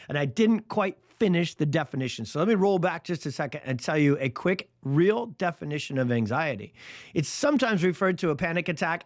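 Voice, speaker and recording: A man's voice: a little high, no echo, studio quality. A man hosting a podcast, talking alone about a health topic in an emphatic, casual way and stacking repeated phrases for emphasis. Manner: casual, folksy slang. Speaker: podcast host. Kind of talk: solo podcast monologue explaining a health topic. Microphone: podcast microphone.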